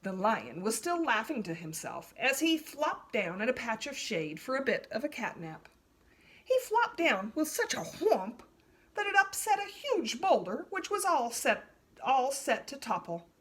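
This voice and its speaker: A woman reads a children's story aloud with a bright, higher voice. Her pitch rises and falls in lively swoops as she narrates. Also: measured pace, husky. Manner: expressive, animated read-aloud.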